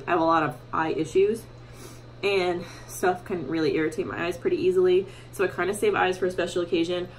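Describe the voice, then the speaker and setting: Chatty young woman, lowish voice. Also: slight background noise, rough recording. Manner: chatty, many fillers, self-mocking. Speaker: beauty vlogger. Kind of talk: casual makeup tutorial chat. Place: home bathroom.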